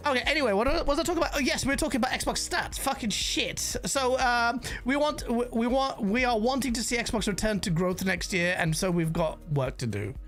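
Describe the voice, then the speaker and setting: A woman's voice: fairly high pitch, brisk, few pauses, fairly bright tone, soft background music. A woman giving casual, rambling livestream commentary on gaming news, swearing freely and reacting to chat messages.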